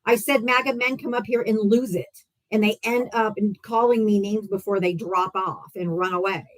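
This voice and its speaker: A woman's voice: medium pitch, fairly even intonation, normal speed, rough recording. A woman hosting a live political debate stream. She talks in a blunt, mocking way and swears freely. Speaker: debate livestream host.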